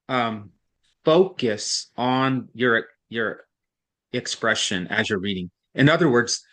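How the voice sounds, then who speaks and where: Male reading tutor, middle-pitched, patient, explains step by step and checks in often. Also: a bit bright.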